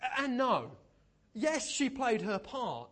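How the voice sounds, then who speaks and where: A high-voiced man delivers a sermon in a church. He tells his stories in a lively, animated way and keeps a humorous edge. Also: slow. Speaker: preacher.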